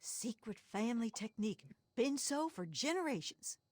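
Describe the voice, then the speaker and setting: A woman's voice: on the high side, lively intonation, moderate pace, no room sound, clean studio sound. An actress voicing a sly, folksy backwoods moonshiner woman with a Southern drawl in a game. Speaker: game character.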